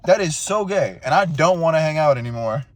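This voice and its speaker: A man's voice: fairly high pitch, animated, fairly quick. A man in his twenties co-hosting a casual podcast, exasperated and swearing a lot, often repeating himself. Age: 20s. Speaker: podcast co-host. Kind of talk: casual chat.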